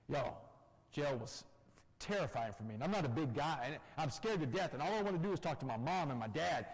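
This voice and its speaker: Speaking straight to a church audience, a guest speaker from Texas shares his personal testimony with real emphasis. His voice is a little high and slightly rough, and the church hall gives the recording a long reverb.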